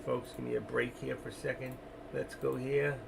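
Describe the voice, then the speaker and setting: A man's voice: medium pitch, little pitch movement, moderate pace, creaky, noisy background. A man hosting a trading livestream, talking casually and rambling, mocking himself and speaking straight to his viewers. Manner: rambling, self-deprecating, talks straight to viewers. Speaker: options trading livestream host.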